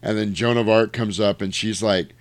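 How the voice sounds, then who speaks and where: A man casually retelling a comedy film for a podcast, acting out the lines in high put-on voices and laughing often. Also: moderate pace, no echo. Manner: animated storyteller, acts out quotes in high voices, laughs often. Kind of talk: casual movie recap chat.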